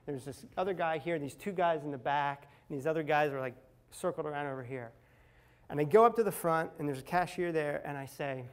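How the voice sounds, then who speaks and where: A middle-aged man telling a candid personal story, dramatic and confessional, dropping to a hush at tense moments. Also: fairly high pitch, a little fast, clear, resonant tone. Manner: candid, dramatic retelling with acted quotes and swings from loud to hushed. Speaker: speaker sharing a personal recovery story.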